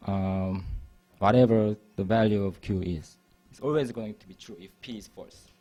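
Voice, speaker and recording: A man's voice: on the low side, moderate pace, warm tone, soft background music. A man giving a university math lecture, explaining patiently and restarting phrases as he goes. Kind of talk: classroom lecture.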